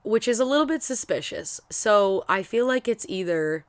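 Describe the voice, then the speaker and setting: A woman's voice: mid-range voice, animated, normal speed, dry recording. A young woman chatting casually about a book she is reading, rambling with lots of fillers and restarts. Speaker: book vlogger. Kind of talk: casual book reaction chat.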